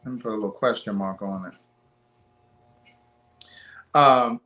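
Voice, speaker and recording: A man's voice: medium pitch, sing-song, slow, fairly bright tone. A man from Maryland hosting a live stream in casual chat, reading out viewers' names and thanking them. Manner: chatty, reads viewer names aloud.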